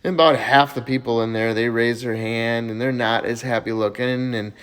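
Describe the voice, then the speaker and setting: A man's voice: mid-range voice, fairly even intonation, normal speed, clean tone. A man telling jokes in a casual, chatty way and laughing at his own punchlines. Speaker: joke teller.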